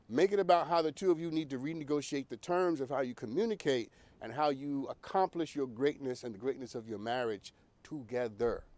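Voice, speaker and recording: A man hosting an advice show, talking straight to the viewer in a preachy, animated way. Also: mid-range voice, dry recording. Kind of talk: direct-to-camera advice talk.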